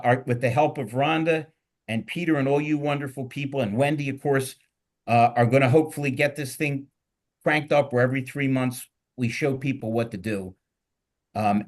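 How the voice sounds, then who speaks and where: A middle-aged man with a Philadelphia accent hosting a casual panel show, rambling and joking with energy. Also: medium pitch. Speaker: podcast host.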